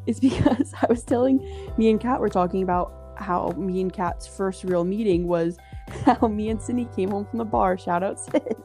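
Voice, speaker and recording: A woman's voice: mid-range voice, moderate pace, soft background music. A young woman in her twenties hosting a podcast, telling stories in casual chat, laughing often and acting out what people said. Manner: laughs often, acts out quotes in animated voices. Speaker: podcast host.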